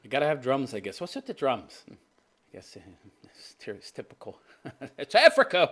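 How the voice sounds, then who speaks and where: Sarcastic, lively-voiced man in his fifties. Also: mid-range voice, brisk, long pauses. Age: 50s. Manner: mocking, sarcastic, profane, laughs often. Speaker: commentary show host. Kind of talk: ranting video commentary.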